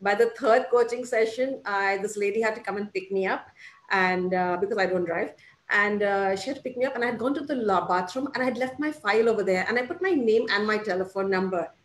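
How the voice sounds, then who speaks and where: Animated woman life coach, echoey room. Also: medium pitch, fairly quick. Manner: animated storytelling with quoted voices. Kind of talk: casual interview chat.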